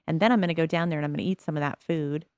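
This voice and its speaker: A woman's voice: deep voice, fairly even intonation, very fast, darkish tone, smooth, dry recording, studio quality, close to an everyday voice. A woman voicing a happy young father in a life-sim game, eager and delighted.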